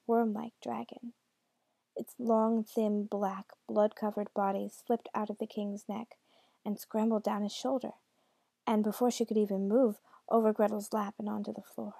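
A woman reading a dark fairy tale aloud in a hushed, intimate way, often dropping close to a whisper. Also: mid-range voice, creaky, no echo. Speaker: storyteller. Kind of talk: storybook reading.

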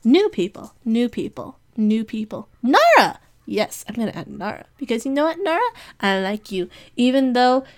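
A woman's voice: fairly high pitch, lively intonation, moderate pace, darkish tone. Gushing, rambling woman, sniffling. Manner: gushing, affectionate, giggly, rambling. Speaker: community member giving shout-outs. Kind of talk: rambling casual monologue.

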